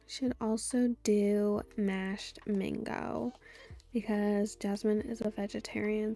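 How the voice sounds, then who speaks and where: A woman's voice: medium pitch, gravelly, mellow. A woman giving casual let's-play commentary, gushing and chatty as she plays. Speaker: gameplay YouTuber.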